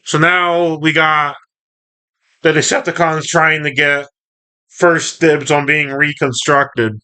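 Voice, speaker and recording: A man's voice: fairly high pitch, flat delivery, slow pace, sharp tone, smooth. A man reading and reviewing a comic book in a chatty, rambling way, often correcting himself. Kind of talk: casual comic reading and commentary.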